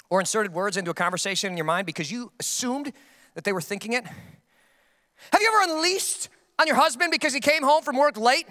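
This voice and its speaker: A young adult man preaching a sermon as pastor, telling stories with comic, animated outbursts. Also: very high voice. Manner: comedic storytelling with animated outbursts.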